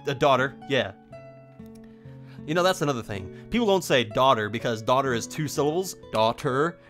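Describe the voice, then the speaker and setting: A young man casually commenting on a game as he plays it, in a rambling, playful way with lots of quick reactions. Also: mid-range voice, a bit bright. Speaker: let's play host. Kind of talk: casual let's play commentary.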